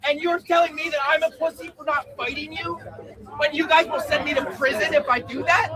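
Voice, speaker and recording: A man at a street protest, shouting profane, taunting insults at officers. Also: very high voice, fairly even intonation, brisk, low-quality recording. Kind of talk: shouted confrontation. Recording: loud crowd outdoors. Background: loud crowd.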